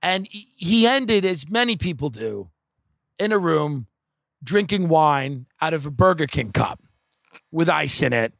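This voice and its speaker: Male comic, slightly higher-pitched voice, wry and profane, rambling storyteller, dry close sound. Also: lively intonation, measured pace, creaky, fairly bright tone, no echo. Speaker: comedian. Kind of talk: stand-up storytelling.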